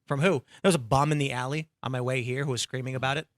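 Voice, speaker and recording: A man hosting a talk show panel, animated and sarcastic, acting out quotes as he talks. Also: mid-range voice, fast, no echo, clean studio sound. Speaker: podcast host.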